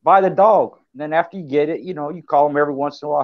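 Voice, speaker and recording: A man's voice: a little high, quick pace, hardly any pauses, lo-fi sound. Laid-back man talking loosely. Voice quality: laid-back, rambling with many fillers. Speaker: podcast co-host. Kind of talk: casual chat.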